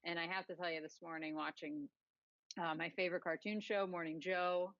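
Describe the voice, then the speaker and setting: A woman's voice: on the low side, fairly even intonation, a little fast, fairly bright tone, dry recording, dull audio. Sarcastic woman podcast co-host, dry sound. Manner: sarcastic, rambling storyteller. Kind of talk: casual political chat.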